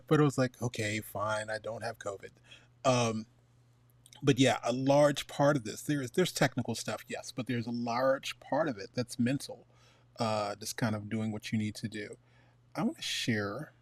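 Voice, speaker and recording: A man's voice: medium pitch, no echo. A man hosting an online animation summit, talking candidly and loosely with many fillers. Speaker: host. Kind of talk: casual chat.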